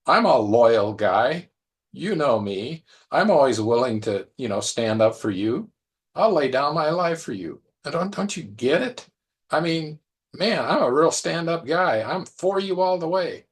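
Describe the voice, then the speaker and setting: A man voicing a brash, overconfident male disciple who scolds loudly and boasts of his loyalty. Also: medium pitch, big pitch swings, a little fast, gravelly. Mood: boastful.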